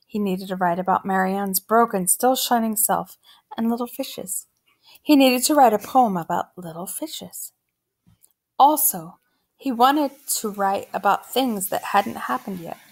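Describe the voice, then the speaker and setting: Gravelly woman reading a storybook. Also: mid-range voice, measured pace. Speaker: audiobook narrator. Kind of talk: reading a children's novel aloud.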